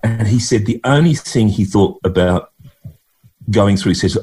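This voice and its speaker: A man's voice: fairly low pitch, expressive, unhurried, mellow. A middle-aged Australian man from Queensland, a guest telling rambling, chuckling anecdotes and mimicking people in a casual interview.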